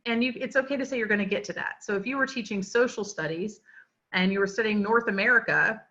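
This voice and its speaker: A woman's voice: mid-range voice, fast, sharp tone. A woman teaching literacy in a webinar lecture, chatty and explanatory, with frequent fillers. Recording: dull lo-fi webinar audio.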